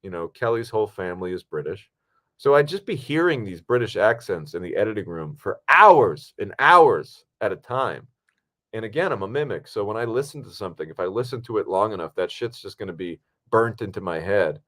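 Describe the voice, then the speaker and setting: A man co-hosting a podcast, telling a story casually in a lively, profane way. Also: lowish voice, fairly quick. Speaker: podcast co-host and actor. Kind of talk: casual chat.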